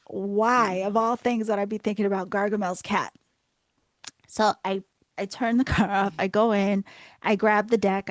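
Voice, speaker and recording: A woman's voice: medium pitch, no room sound. A woman hosting a podcast, telling a story in a casual chat and acting out her own reactions. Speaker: podcast host.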